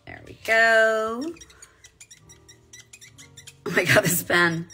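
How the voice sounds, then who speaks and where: A woman's voice: medium pitch, slow, pauses often, bright, forceful tone, soft background music. A woman in her forties, a voice actress chatting casually on a live stream while signing autographs and reading fan comments aloud. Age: 40s.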